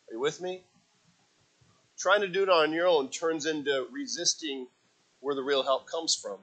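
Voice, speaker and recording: A male pastor delivers a sermon in a very bright, forceful voice that sits a little high. He tells stories and acts out the quotes. He shifts from loud dramatic bursts down to hushed asides. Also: poor audio. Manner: storytelling with acted quotes.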